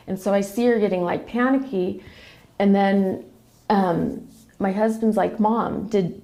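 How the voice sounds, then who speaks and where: A woman's voice: medium pitch, fairly even intonation, unhurried, gravelly, warm tone. A woman telling an emotional personal family story as a podcast guest, retelling what others said. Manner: emotional, quotes others in a run of retold dialogue.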